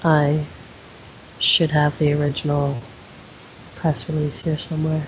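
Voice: medium pitch, monotone, unhurried. Co-host explaining games on a hissy mic. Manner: explains game mechanics step by step. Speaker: podcast co-host. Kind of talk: casual gaming podcast chat. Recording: dull lo-fi mic with faint hiss.

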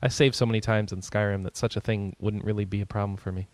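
A man's voice: on the low side, steady tone, fast talker, no echo. A man hosting a gaming podcast, joking around and handing out topics to the others. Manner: joking, runs the questions. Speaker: podcast host. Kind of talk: casual podcast chat.

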